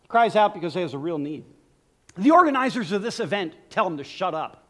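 A male preacher delivers a sermon with animated emphasis and turns often to speak straight to his listeners. His voice sits high and leaps up and down in pitch. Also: a little fast.

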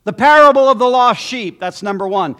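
High, animated male preacher. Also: clean tone. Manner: emphatic preaching with dramatic pauses. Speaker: pastor. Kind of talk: sermon.

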